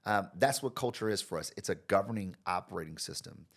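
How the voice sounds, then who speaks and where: A man's voice: low voice, fairly quick, vocal fry. An American man, a marketing expert guesting on a podcast, talking conversationally and acting out the people in his stories with big jumps in his voice. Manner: animated, acts out quoted people with big jumps in voice. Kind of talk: conversational interview storytelling.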